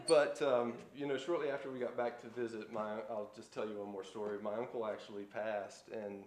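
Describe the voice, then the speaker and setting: A man's voice: lowish voice, fairly even intonation, fairly quick, hardly any pauses. Man, stand-up comic, laid-back rambling delivery, echoey live room. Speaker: stand-up comedian. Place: live studio stage. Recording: roomy live stage sound with faint noise.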